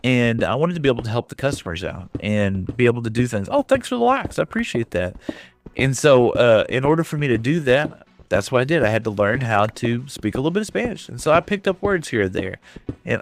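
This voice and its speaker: Speaking briskly and with lots of animation, this medium-pitched man from West Texas, Texan accent and all, streams a game while rambling through stories and chatting with his viewers.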